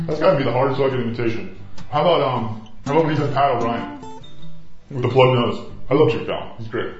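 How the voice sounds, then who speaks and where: A man's voice: mid-range voice, fast. A man hosting a podcast in loose, rambling casual chat, swearing and chuckling. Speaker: podcast host. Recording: echoey room, dull sound, faint guitar music.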